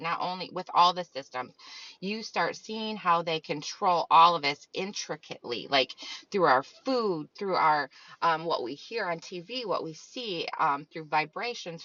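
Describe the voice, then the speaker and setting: A woman's voice: fairly low pitch, sharp tone, no echo, lo-fi sound. A woman host in a casual spiritual monologue, talking in a rambling, meandering way full of fillers. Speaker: channel host.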